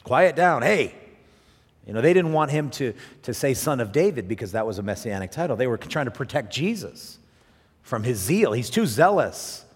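A man preaching a sermon, animated, swinging from raised emphasis to quiet asides and often repeating words as he thinks aloud. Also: mid-range voice, brisk, breathy edge. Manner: animated preaching, rising and dropping to near hush for emphasis. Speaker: pastor. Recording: long hall reverb.

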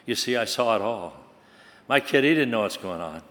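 A man preaching a sermon, dramatic, swinging from loud bursts to hushed tones. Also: fairly low pitch, expressive, normal speed. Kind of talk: sermon with recited poem. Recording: long hall reverb.

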